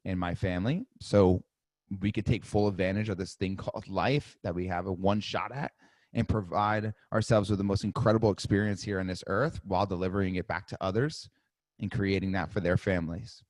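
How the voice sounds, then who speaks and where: A man coaching real estate agents in a live webinar, energetic and demonstrative, often acting out sales calls. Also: lowish voice, no room sound, studio quality.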